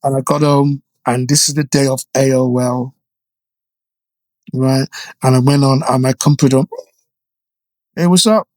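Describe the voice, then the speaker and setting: A middle-aged man from Jamaica, a guest DJ telling stories in a casual interview, animated and checking in often with "you know" and "right?". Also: mid-range voice, moderate pace, pauses often, no echo.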